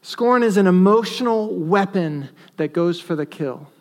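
Male pastor, high-pitched, earnest sermon delivery with emphatic stresses. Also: expressive, measured pace. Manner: earnest, rises to emphatic stresses then drops to quiet asides.

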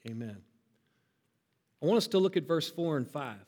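Male pastor, mid-high voice, expressive sermon delivery, reverberant sanctuary sound. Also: moderate pace. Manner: expressive, builds to loud emphatic peaks. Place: church sanctuary.

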